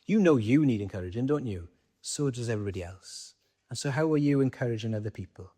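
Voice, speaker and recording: A Welsh man preaching to his congregation at a mid-range pitch. He talks in a conversational way, asking his listeners questions and then answering them himself. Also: animated, fast talker, warm tone. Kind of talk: sermon.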